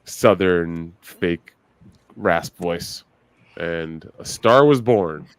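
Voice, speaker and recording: Low-voiced guy cohosting a podcast, crude jokes, dry sounding mic. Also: very slow, dry recording. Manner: crude, wisecracking. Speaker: podcast co-host. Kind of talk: casual chat.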